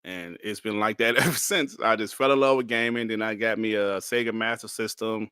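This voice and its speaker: A man in his forties, a podcast guest, telling his story in a relaxed, repetitive way. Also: fairly low pitch, fairly quick, smooth, no room sound, studio quality. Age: 40s. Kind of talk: casual gaming podcast chat.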